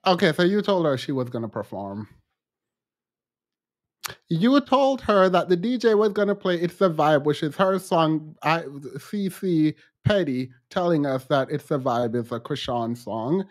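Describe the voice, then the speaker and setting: A man's voice: a little high, lively intonation, a little slow. A man hosting a commentary podcast, reacting to clips in a blunt, opinionated way.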